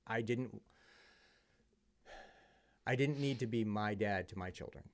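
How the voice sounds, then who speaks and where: A man with a fairly low voice speaks as a podcast guest. He tells his story in an earnest, heartfelt way, with plenty of um's and restarts. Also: a little slow. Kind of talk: personal testimony in conversation.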